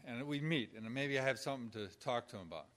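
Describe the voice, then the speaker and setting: A man's voice: mid-range voice, lively intonation, quick pace, a bit bright. A man giving an informal lecture on caregiving with numbered points, talking conversationally and acting out example dialogue. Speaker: instructor on pastoral caregiving.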